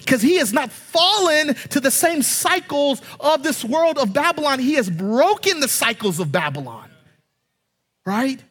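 A man with a very high, husky voice delivers an animated, emphatic sermon. He asks rhetorical questions and drops from loud declarations to hushed lines. A long hall reverb trails his words. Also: a little slow. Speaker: preacher.

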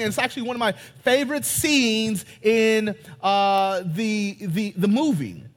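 High-voiced man preaching in a hall. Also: a little slow, hardly any pauses. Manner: animated, joking, retells scenes in character voices. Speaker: pastor. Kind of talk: sermon. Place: church sanctuary.

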